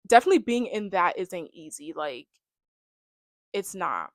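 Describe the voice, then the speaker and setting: A woman's voice: fairly low pitch, big pitch swings, unhurried, pauses often, no echo, studio quality. A young woman giving a casual, rambling recap of a reality show, filling her talk with "like" and "you know.". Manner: chatty, rambling, heavy use of "like". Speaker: reality TV reaction vlogger.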